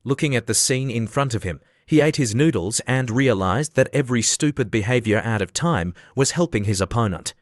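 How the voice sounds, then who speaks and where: A man tells an anime recap in a steady, even, scripted way. His mid-pitched voice is recorded close and dry, with no room sound at all. He keeps one unhurried storytelling line throughout. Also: dry recording. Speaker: recap narrator.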